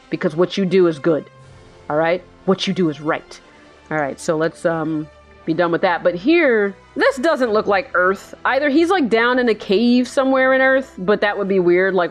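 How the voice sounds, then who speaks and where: A tired woman hosting a sleepy bedtime reaction, rambling and giggling through meandering musings. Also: on the low side. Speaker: channel host.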